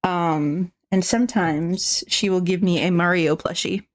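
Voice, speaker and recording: A woman's voice: on the low side, fairly even intonation, a little slow. A young adult woman streamer chatting casually with her live chat, rambling and sarcastic, swearing a lot.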